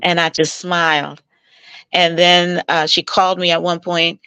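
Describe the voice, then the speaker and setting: A woman coaching couples, telling stories from her work in an animated, persuasive way and acting out the voices of the people she quotes. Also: measured pace, clean tone, no room sound. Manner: animated, acts out quoted dialogue with jumps in pitch; warm, persuasive, mentoring tone. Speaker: marital coach, interview guest. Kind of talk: conversational storytelling.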